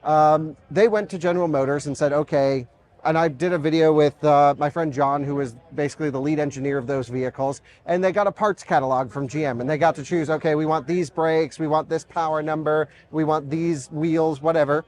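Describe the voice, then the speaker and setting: A man's voice: on the high side, fairly even intonation, brisk, a little mellow. A man hosting a car review, presenting a concept car in a casual, enthusiastic walkaround at an outdoor car show. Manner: enthusiastic, talks with fillers and asides. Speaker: automotive reviewer and host.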